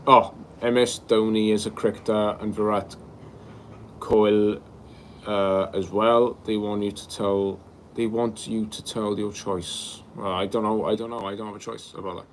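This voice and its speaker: A young man with a slightly low voice hosts a relaxed livestream, reading viewers' comments aloud and answering them casually. He talks in an easygoing way and often calls people bro. A faint ambient hum sits behind his voice. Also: moderate pace. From Wales. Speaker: livestream host.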